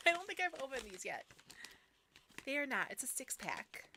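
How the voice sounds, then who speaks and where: A chatty woman, slightly high in pitch, giggling as she talks on a casual live stream. A steady background noise sits under her voice. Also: moderate pace.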